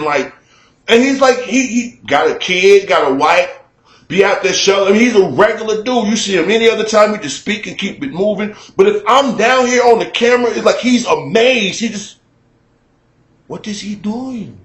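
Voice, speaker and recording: A man telling a story to his camera in a casual, animated, profane way, acting out shouts at a neighbor, recorded in a room at home. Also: high-pitched, reverberant. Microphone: camera mic.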